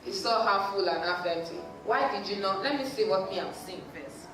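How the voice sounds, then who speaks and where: A woman, a psychologist telling a story to a church congregation in an animated way. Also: medium pitch, moderate pace, noisy background. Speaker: psychologist speaking at a church service. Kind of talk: lively talk at a church service. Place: large church hall. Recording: echoey church hall, mic at a distance.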